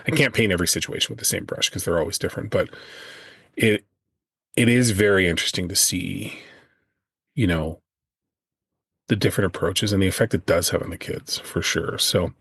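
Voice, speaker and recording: A man's voice: low-pitched, brisk, creaky, pauses often, a bit bright, breathy edge, no echo, studio quality. A man co-hosting a podcast, chatting casually and joking. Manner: joking, teasing. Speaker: podcast co-host. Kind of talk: casual chat.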